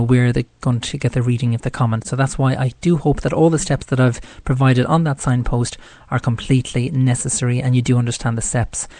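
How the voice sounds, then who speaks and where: A man's voice: mid-range voice, dark tone, no echo. A man with an Irish accent hosting a live radio show, talking in a chatty, rambling way. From Ireland. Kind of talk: casual live radio talk.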